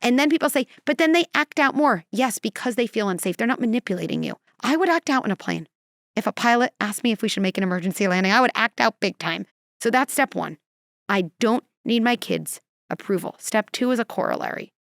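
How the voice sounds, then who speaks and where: A woman's voice: medium pitch, lively intonation, a little fast, gravelly, dry recording, studio quality. A female clinical psychologist, a guest in a conversational podcast interview, talking animatedly and acting out quotes and little scenarios.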